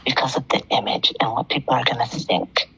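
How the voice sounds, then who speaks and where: A woman's voice: very deep voice, level tone, a little fast, fairly bright tone, dull audio, slight background noise. A middle-aged woman calling in to a talk show, telling a personal story in an emphatic way and repeating phrases for effect. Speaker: caller.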